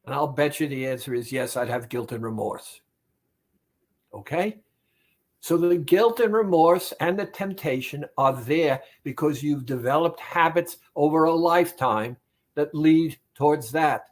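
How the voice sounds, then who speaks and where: Slow-talking guy, a bit high-voiced, therapist type, talks right at you and keeps hammering the same point. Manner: deliberate, repetitive, emphatic. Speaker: therapist giving weight-loss advice. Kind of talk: monologue speaking directly to the listener.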